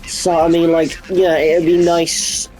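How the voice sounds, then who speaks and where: A man's voice: fairly high pitch, monotone, slow, darkish tone, faint music behind, low-quality recording. A young man with a cold, rambling and swearing casually as he comments over his gameplay. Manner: rambling, profane, offhand. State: sick. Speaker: gaming YouTuber.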